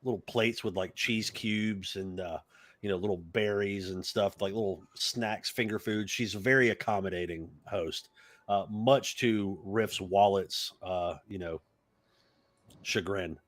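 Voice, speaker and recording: A man's voice: fairly low pitch, measured pace. A man narrating a tabletop game as game master, talking loosely with lots of fillers. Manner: rambling, loose, with many fillers.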